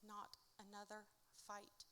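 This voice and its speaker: Bright-voiced woman reading poetry live. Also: mid-range voice, completely flat delivery, takes it slowly, a little hiss or hum. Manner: dramatic, rhythmic delivery swinging from hushed to loud. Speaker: author reading her own work. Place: indoor music venue at a live event. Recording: reverberant live venue recording.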